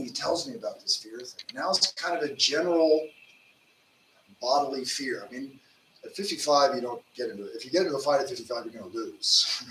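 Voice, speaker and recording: Bright-voiced monk in his fifties, preaching. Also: fairly high pitch. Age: 50s. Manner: storytelling, informal with fillers. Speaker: monk giving a spiritual talk. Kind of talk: conversational sermon. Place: temple lecture hall. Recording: roomy hall, distant mic, faint noise.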